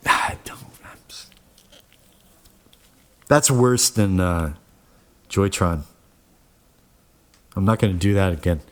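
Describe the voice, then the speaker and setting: Low-ish guy doing a laid back computer tutorial at home, slow, rambly, lots of uhs and restarts. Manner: rambling, with frequent fillers and self-corrections. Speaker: tutorial host. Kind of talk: casual screen-recorded software tutorial.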